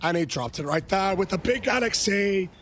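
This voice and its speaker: A man livestreaming, chatting with viewers and loudly shouting cheers and countdowns. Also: high voice, lively intonation, normal speed, a little hiss or hum. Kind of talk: hyped livestream chat with viewers.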